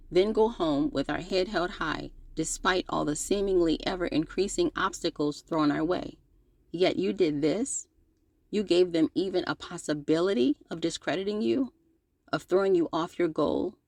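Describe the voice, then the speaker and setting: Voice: medium pitch, gravelly, a little mellow, dry recording. A channel host reading a scripted open-letter commentary, sarcastic and scolding, with playful slang and direct address.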